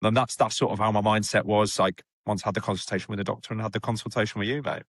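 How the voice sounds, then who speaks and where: A young man tells his story plainly and candidly, his voice sitting low. The sound is dry and close, with little room in it. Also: fairly even intonation, very fast, no echo. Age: young adult. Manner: candid, plain-spoken, full of fillers. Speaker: rehab client guest. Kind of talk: casual storytelling.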